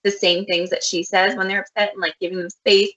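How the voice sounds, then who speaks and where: A woman's voice: mid-range voice, level tone, fairly quick, a bit bright, highs cut off, a little hiss or hum. A woman co-hosting a podcast, rambling in casual chat with lots of filler words. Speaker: podcast co-host.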